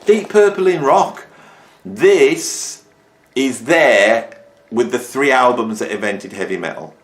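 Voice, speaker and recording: With a medium-pitched voice, a middle-aged man speaks slowly and expressively while showing off his vinyl records at home. He's a music YouTuber in a casual, jokey, enthusiastic vlog chat, and the sound carries a roomy echo.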